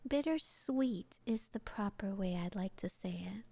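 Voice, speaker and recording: A young woman streamer who reads short stories aloud in a soft, often whispered voice and chats between them with frequent giggles. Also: mid-range voice, expressive, takes it slowly, gravelly. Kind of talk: soft whispered story reading and chat.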